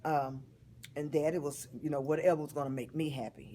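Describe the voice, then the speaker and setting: A woman, telling a personal story in an interview in a heartfelt, expressive way. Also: low voice, brisk. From Texas. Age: 50s.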